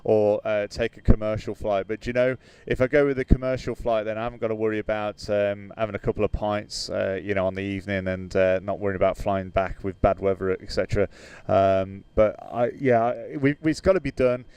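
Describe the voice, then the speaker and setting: A man's voice: on the low side, steady tone, brisk, few pauses, a little mellow, smooth. A British man hosting a flight sim livestream in casual chat, hesitant with many fillers, reading out viewer comments and laughing easily.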